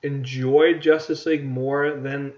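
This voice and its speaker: A man's voice: medium pitch, flat delivery, a little slow, a little mellow. A man co-hosting a casual podcast, ranting about movies and stumbling over repeated words. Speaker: podcast co-host. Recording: dull lo-fi podcast audio.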